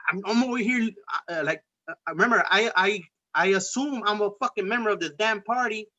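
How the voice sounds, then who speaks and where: Profane, heated man with a bright voice. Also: sits high, brisk. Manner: heated, profane, rambling with many restarts. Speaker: podcast host. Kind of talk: casual political chat. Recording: dull lo-fi recording.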